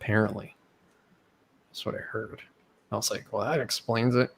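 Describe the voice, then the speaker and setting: A man's voice: fairly low pitch, moderate pace, creaky, a little hiss or hum. A young man casually telling stories among friends, acting out the people he quotes. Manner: animated, acts out quoted people with raised voice. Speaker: host. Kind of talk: casual storytelling chat.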